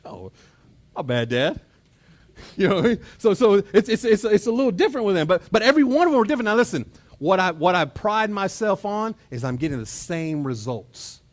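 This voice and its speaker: Chatty Texan pastor with a lively sermon. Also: male voice, high voice, fairly quick. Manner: conversational, repeats words while revving up; chuckles and mimics family exchanges. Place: church auditorium.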